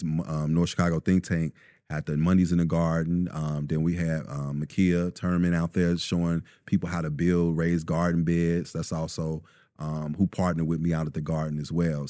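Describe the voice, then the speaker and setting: A man's voice: low-pitched, no room sound, studio quality. A man, guest on an interview show, talking casually with many ums and acting out quoted lines. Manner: relaxed storyteller, many ums, acts out quotes. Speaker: store owner, guest.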